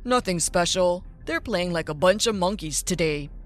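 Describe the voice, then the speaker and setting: A woman's voice: on the low side, lively intonation, moderate pace, loud music behind the voice, pitched below the performer's own voice, close to an everyday voice. A woman voicing a stern, short-tempered retired-officer father who scolds his daughter. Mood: dismissive.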